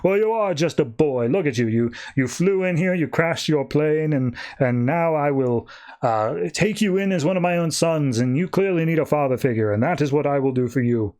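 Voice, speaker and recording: A man's voice: a little high, lively intonation, normal speed, darkish tone, lightly acted. A man voicing a rich, pompous male king who talks down to others in a blustering way. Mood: condescending.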